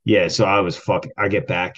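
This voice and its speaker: A lower-voiced man rants his way through a work story, swearing in nearly every breath and shouting out the lines he threw at his coworkers. The recording sounds dull and lo-fi. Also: fairly even intonation, a little fast. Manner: heated, rambling, swears constantly, acts out quoted arguments loudly. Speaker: podcast co-host. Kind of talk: casual profane storytelling.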